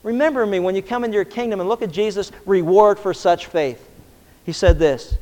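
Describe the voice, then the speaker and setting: A man's voice: sits high, fairly quick, a little mellow. A man preaching a sermon with impassioned delivery, sometimes acting out the voices of the people in his story. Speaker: pastor. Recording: long hall reverb.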